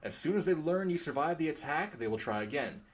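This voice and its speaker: A man reading the lines of a secretive informant in a game, in a quieter, lower, steady voice. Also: brisk, natural voice. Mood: ominous. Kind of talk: reading game dialogue aloud.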